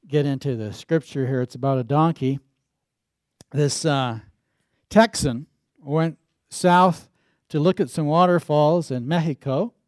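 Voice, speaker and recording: A man preaching a sermon as pastor, telling stories in a folksy, lively way. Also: on the high side, no room sound, studio quality. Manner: folksy storytelling with lively emphasis.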